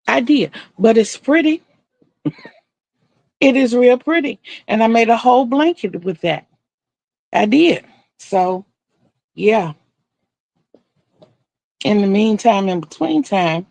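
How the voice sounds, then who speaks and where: A woman's voice: mid-range voice, unhurried, vocal fry, pauses often, a little mellow, no echo. An older woman chatting casually on a live stream as she crochets, rambling and repeating herself.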